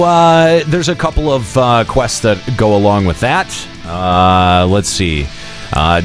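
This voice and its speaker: Lively-pitched laid-back male podcast host. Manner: laid-back, many filler pauses. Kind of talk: casual group chat.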